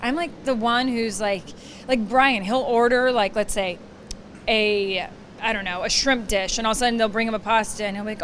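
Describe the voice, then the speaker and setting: A woman in her thirties, chatty and animated, acting out the lines of others as she tells a story. Her voice sits fairly high. A faint hum of noise sits behind her outdoors. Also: fairly quick. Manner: chatty, animated storyteller who acts out quotes. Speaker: interview guest. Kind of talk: casual chat.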